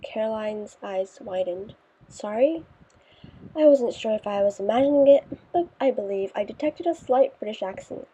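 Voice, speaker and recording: A woman narrating a first-person audiobook in a wry, deadpan manner. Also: mid-range voice, normal speed, few pauses, slightly rough. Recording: dull lo-fi recording.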